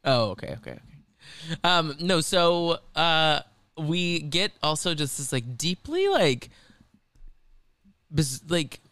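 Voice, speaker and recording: Animated man, smooth dry voice. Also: a little high, slow pace, long pauses, no room sound. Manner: animated, laughing, does impressions. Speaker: podcast co-host. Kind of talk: casual chat. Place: apartment.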